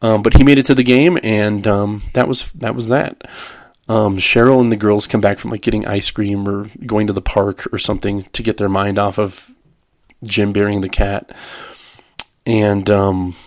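A man with a fairly low voice hosts a podcast, talking through a sitcom episode in an easygoing, rambling way. He trails off and restarts often, with plenty of ums. The sound is close and dry. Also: little pitch movement, moderate pace, no echo. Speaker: podcast host. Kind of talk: casual episode recap.

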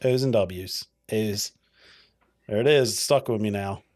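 A man's voice: lowish voice, unhurried, a little mellow, no room sound, clean studio sound. A man co-hosting a podcast in casual chat, talking loosely and rambling, often restarting his sentences. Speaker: podcast co-host.

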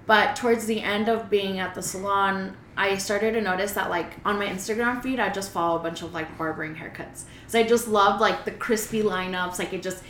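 A young woman, telling stories in a loud, animated way and mixing English and Spanish in casual chat. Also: mid-range voice, a little fast, few pauses, echoey room, slight background noise, low-quality recording.

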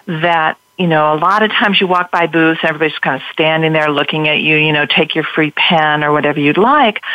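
Low-voiced woman telling her story on radio. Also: no echo. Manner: animated storytelling. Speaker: guest. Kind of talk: radio interview. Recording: dull lo-fi radio sound.

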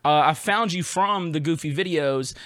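A young man hosts a casual podcast in a bright, slightly raised voice. He sounds laid-back and slangy and swears freely. The recording is dry and close. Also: a little high, normal speed, dry recording. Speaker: podcast host.

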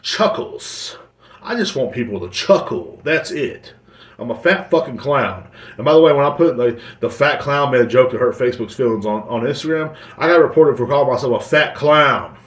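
A man's voice: mid-range voice, expressive, normal speed. A man hosting a casual solo podcast, rambling and joking with plenty of swearing. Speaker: podcast host. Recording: roomy echoey recording.

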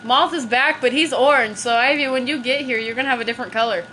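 A woman playing a video game with a cousin, trash-talking loudly and then sulking in a low mumble. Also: fast, a little hiss or hum. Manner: loud, swings between yelling and mock-sulky mumbling. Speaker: podcast host playing a game. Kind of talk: casual gaming banter.

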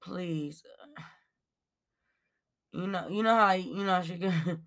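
Hosting a laid-back celebrity gossip show, this woman speaks at a normal speed in a lowish, sharp-toned voice with fairly even intonation. She's blunt, reads off her notes with frequent ums, curses freely, and addresses viewers as y'all.

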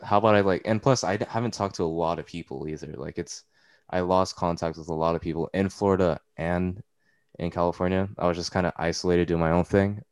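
A man's voice: deep voice, fairly even intonation, fast, darkish tone, clean tone, dry recording. A young man hosting a podcast, talking loosely with lots of slang and swearing. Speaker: podcast host. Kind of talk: casual chat. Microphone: computer mic.

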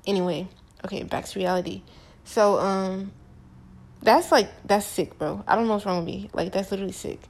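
A young woman in her twenties chats straight to camera, spinning a personal story in loose, slangy speech. She talks with an animated, emphatic delivery, leaning hard on key words. Her pitch sits right in the middle of the usual range for a woman. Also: moderate pace, creaky. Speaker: vlogger.

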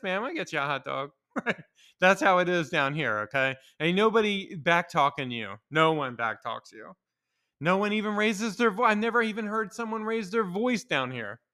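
A young man from Maryland hosts a solo podcast, ranting his opinions, swearing a lot and laughing as he goes. His voice is on the high side, bright and forceful.

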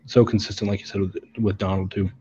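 Low mellow man on a dull line. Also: little pitch movement, fast talker, a little hiss or hum. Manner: analytical, hesitant fillers and repeats. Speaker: podcast co-host. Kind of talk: casual sports podcast chat.

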